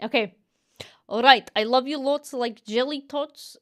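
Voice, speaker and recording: A woman's voice: a little high, a little slow, fairly bright tone. A woman with a Scottish accent, chatting casually on a livestream in a giggly, rambling way. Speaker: streamer.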